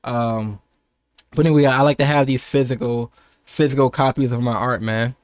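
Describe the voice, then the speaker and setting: A man's voice: mid-range voice, fairly even intonation, moderate pace, dry recording. A young American man chatting casually on a livestream, rambling and laid-back with lots of restarts and laughs. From United States. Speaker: streamer.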